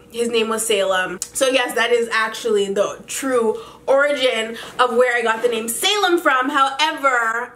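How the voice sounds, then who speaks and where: A woman's voice: a little high, fairly bright tone. A young woman chatting candidly to her camera as a vlogger, talkative and swearing casually. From Canada. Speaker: beauty vlogger.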